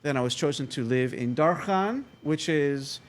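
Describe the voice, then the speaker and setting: American man, 30s, slightly high voice, animated joking storyteller, interview guest. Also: moderate pace. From United States.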